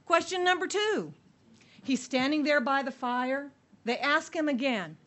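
A woman teaching a Bible passage to a group, telling the story in a lively way and asking her listeners questions. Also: sits high, a little slow. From United States.

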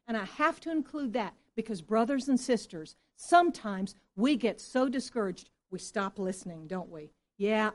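A woman pastor preaching a sermon to her church, impassioned and then soft and earnest. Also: high voice.

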